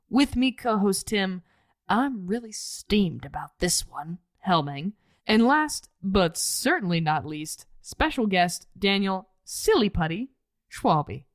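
A woman co-hosting a casual podcast, joking with puns and laughing often in a quiet studio. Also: mid-range voice, expressive, slow pace, no echo. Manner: playful, punny, laughs often. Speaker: podcast co-host. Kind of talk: casual cybersecurity podcast chat. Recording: dry studio sound, faint music.

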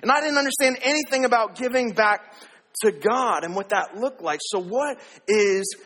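A man with a high, bright voice preaches a sermon to his congregation. He is lively and cracks jokes as he goes. His voice rings out in a church hall with a long echo. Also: moderate pace. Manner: energetic, joking asides to the congregation. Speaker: pastor. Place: church auditorium. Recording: echoey hall.

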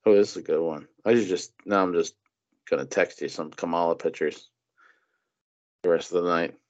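Over a dull, lo-fi recording, a fairly low-voiced man talks at normal speed in a casual political chat. He's mocking and profane, throwing in animated impressions and swearing without restraint.

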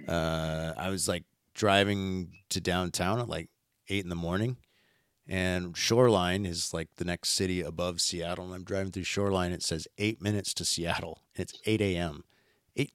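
A man's voice: low voice, dry recording, clean studio sound. A man hosting a podcast, chatting casually and bluntly, with some swearing and heated opinions. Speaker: podcast host. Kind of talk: casual political chat.

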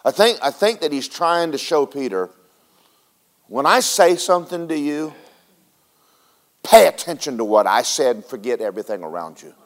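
A man preaching a sermon, firing rapid rhetorical questions at his congregation. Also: fairly high pitch, sing-song.

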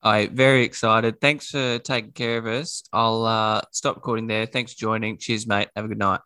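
An Australian man hosting a casual sports podcast, relaxed and brief in his replies. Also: lowish voice, normal speed, clear, resonant tone, no room sound. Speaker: podcast host. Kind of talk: casual chat.

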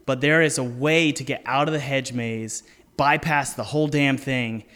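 A man hosting a casual interview podcast, giving earnest advice and slowing down to stress his points. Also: medium pitch, fairly even intonation, a bit bright, long reverb tail. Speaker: podcast host and indie game developer.

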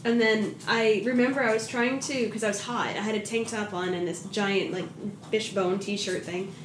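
A woman's voice: medium pitch, steady tone, moderate pace. A woman telling a rambling story in casual chat, full of fillers like "like". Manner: rambling, filler-heavy, interjects. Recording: echoey room with faint noise.

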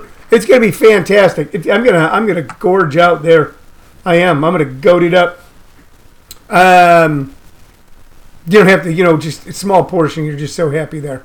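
High-voiced rambling male radio host. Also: moderate pace, long pauses. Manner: loose, riffing, repeats phrases, frequent uh fillers. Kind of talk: rambling comedic radio rant.

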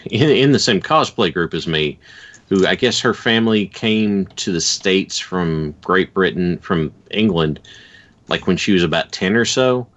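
A man co-hosting a podcast, talking casually in a measured, hesitant, explanatory way. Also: low voice, animated, a bit bright. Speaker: podcast co-host. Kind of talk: casual chat. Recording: dull lo-fi sound.

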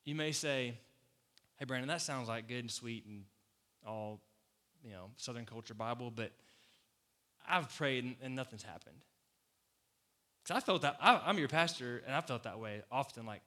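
A man preaching a casual, conversational sermon as pastor, animated, acting out quoted voices and laughing often. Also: mid-range voice. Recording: long hall reverb.

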